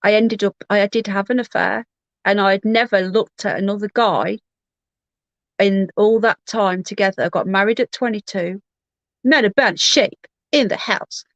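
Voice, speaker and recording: A woman's voice: medium pitch, normal speed, no echo, highs cut off. Chatty woman telling a story. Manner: candid, rambling, frequent restarts. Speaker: livestream host. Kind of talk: casual personal storytelling.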